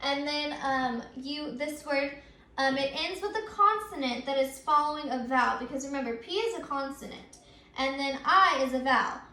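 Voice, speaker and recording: In this recorded grammar lesson, a high-pitched woman teacher with a sharp tone speaks at a normal speed, explaining each step in turn. Frequent ums and repeated points fill her explanation, which echoes around the room.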